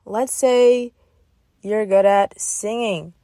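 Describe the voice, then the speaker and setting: A woman's voice: medium pitch, fairly even intonation, takes it slowly, dark tone, no echo, studio quality. A young woman hosting a motivational podcast, speaking in an encouraging way and often checking in with "okay?". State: getting emotional. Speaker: podcast host.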